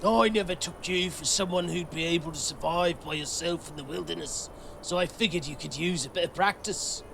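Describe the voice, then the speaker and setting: A man's voice: on the high side, fairly quick, vocal fry, fairly bright tone, a little hiss or hum. Brief: sneering noble rival with a hammy fake Italian accent, odd altered timbre, put on by a male streamer.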